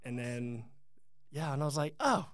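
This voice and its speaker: A young man, a podcast game contestant, telling a story in an excited, laughing way. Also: high voice, fast. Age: young adult. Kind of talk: casual storytelling.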